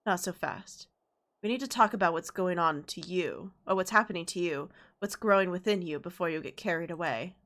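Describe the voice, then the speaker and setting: Woman reading a wry dark knight mentor. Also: on the low side. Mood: earnest. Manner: measured, wry, reading dialogue aloud. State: sore throat. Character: calm confident male dark knight mentor. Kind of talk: reading game dialogue aloud.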